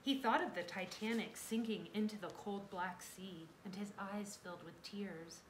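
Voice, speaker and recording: Woman reading a kids' chapter book, expressive, in an echoey room with faint hiss. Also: mid-range voice, normal speed. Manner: expressive, dramatic storytelling. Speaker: reader. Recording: roomy echo, faint background noise.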